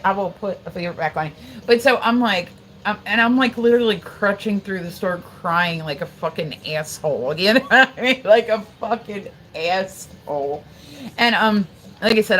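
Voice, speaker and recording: Woman, forties, casual livestreamer, loose and profane storyteller, middle pitch. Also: a bit bright, slight background noise, low-quality recording. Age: 40s. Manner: rambling, swears freely, frequent "like"; chats to viewers between stories.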